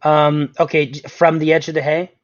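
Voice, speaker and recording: A man's voice: fairly high pitch, flat delivery, normal speed, no echo. A man narrating as game master of a tabletop game, in a chatty way with frequent ums and laughs. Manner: chatty, laughs often, fills with um. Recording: dull lo-fi sound, dry room.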